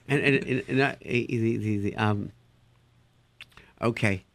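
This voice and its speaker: Animated man therapist, dry sound. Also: takes it slowly, creaky, pauses often, no echo. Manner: animated, acts out incredulous reactions with sudden jumps in pitch; sprinkles Yiddish words into his talk. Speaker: therapist giving parenting advice. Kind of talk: advice talk answering listener questions.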